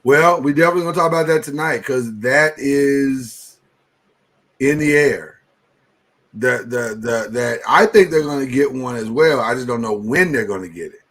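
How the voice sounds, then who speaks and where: A man hosts a podcast in easy, casual chat, his voice sitting in an ordinary middle pitch. He talks in an animated, rambling way, restarting sentences and jumping up sharply in pitch and loudness when he gets going. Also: moderate pace. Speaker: podcast host.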